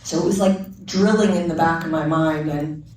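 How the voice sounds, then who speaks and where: A woman's voice: deep voice, steady tone, moderate pace, a little mellow, slight background noise. A woman giving a candid, earnest personal testimony at a recovery meeting. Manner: candid, earnest storytelling with quoted dialogue. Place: meeting room. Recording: very echoey room, speaker far from mic.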